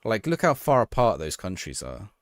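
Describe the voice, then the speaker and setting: A man's voice: fairly low pitch, wildly swooping pitch, moderate pace, no room sound, clean studio sound. A man streaming a football management game live, reacting to the action and chatting with his viewers.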